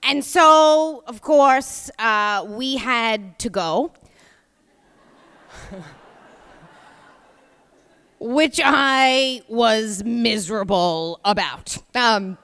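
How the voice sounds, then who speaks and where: Hosting from a theater stage, a woman with a New York accent tells a comic story packed with chatty asides. She speaks extremely slowly and pauses often, her fairly high voice smooth and fairly bright. The recording carries reverberant live theater sound.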